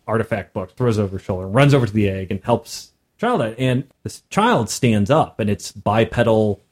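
A man's voice: on the low side, moderate pace. A man who runs tabletop games, recounting a session in casual chat and acting out the characters as he goes. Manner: animated storyteller who acts out characters. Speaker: game master.

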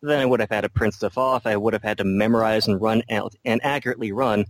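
A man's voice: on the low side, steady tone, quick pace, no room sound, poor audio. A man joining a podcast remotely as a guest game master, with a dry, wry humor. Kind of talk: casual podcast chat. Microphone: remote call.

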